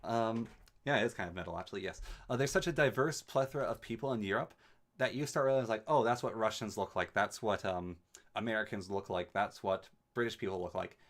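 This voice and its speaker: A man's voice: on the low side, a little fast. A man from Canada streaming a game, chatting casually and rambling with wry asides while he answers his live chat.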